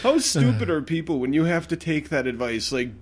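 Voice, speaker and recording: A man's voice: on the high side, fairly quick. A man co-hosting a casual podcast chat, tossing in dry, sarcastic quips. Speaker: podcast co-host.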